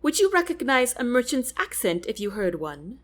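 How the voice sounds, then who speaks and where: A commanding young queen who speaks with formal, regal phrasing. Her voice sits fairly high and moves a lot in pitch, as a woman narrator puts her on. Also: sing-song, normal speed. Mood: brisk.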